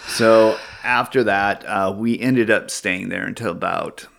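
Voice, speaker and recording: A man with a very low, deep voice hosts a relaxed podcast chat. He tells his stories in a jokey, animated way. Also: unhurried, vocal fry. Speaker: podcast host. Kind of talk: casual chat.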